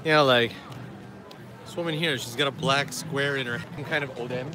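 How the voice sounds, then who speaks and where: A man's voice: mid-range voice, steady tone, normal speed, pushed and bright, faint music behind. A man hosting a casual livestream outdoors in a park, chatting and answering viewer questions as he walks. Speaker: livestream host. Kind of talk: casual live-stream chat.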